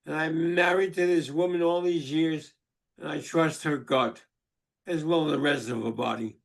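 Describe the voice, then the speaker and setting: A man's voice: fairly high pitch, steady tone, normal speed, gravelly. An older man, a psychologist and author, telling wry, joking anecdotes in a webinar over a video call.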